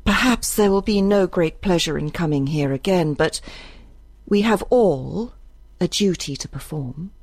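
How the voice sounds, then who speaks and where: A woman's voice: on the low side, expressive, a little slow, a little mellow, no room sound. A woman voicing a frail but insistent older widow who speaks formally in an audiobook.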